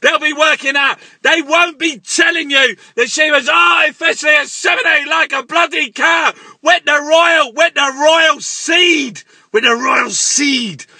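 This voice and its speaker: A man in a frantic, shouting comic rant, swearing and repeating himself. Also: extremely high pitch, a little slow, few pauses, no echo.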